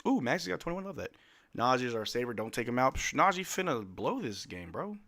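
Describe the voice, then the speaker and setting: A man hosting a live game watch-along, calling the plays in casual slang and shouting at the players. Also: medium pitch, a little fast. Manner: animated, slangy, yells at players. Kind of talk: excited play-by-play fan commentary.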